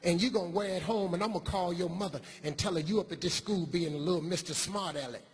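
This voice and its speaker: A man playing a stern female schoolteacher who scolds a child in a shrill, shouting voice. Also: quick pace, close to an everyday voice. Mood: scolding.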